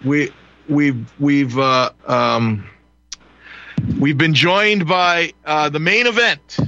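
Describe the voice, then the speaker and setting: A man's voice: a little high, very slow, pushed and bright, no echo, dull audio. A man hosting a call-in radio show, speaking hesitantly with frequent fillers and restarts. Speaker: host.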